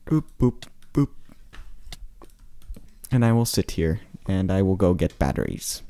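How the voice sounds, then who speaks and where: A man playing a video game and commenting casually, rambling to himself with excitable outbursts. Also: low voice, measured pace, creaky, no echo, studio quality. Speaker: gaming channel host. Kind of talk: casual let's play commentary.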